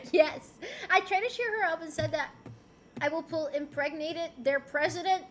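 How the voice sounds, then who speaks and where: A woman's voice: extremely high pitch, moderate pace, fairly bright tone, slight background noise. A young woman from Rico, chatting casually and playfully on a livestream as she reads and answers chat messages. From Puerto Rico. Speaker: streamer.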